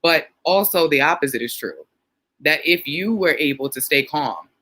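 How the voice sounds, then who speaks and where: Woman therapist host, bright clear tone, frank casual talk. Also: deep voice, animated, normal speed. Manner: frank, reads viewer comments, acts out quotes. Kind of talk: casual livestream chat.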